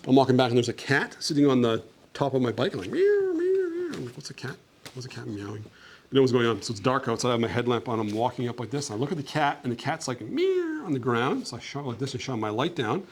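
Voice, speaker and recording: A man's voice: medium pitch, fast, a little hiss or hum. A young man from Canada chatting casually with a school class about his travels, upbeat and friendly, with lots of "like" fillers. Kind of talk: casual talk and Q&A with children.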